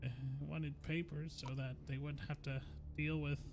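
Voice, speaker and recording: A jittery little forger from the slums stammers and fawns, his voice pushed high and thin, as a man puts him on. He sounds eager to please and afraid of getting caught. Faint music plays under him. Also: flat delivery, moderate pace, natural voice. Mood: anxious. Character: nervous, fawning male forger in the slums.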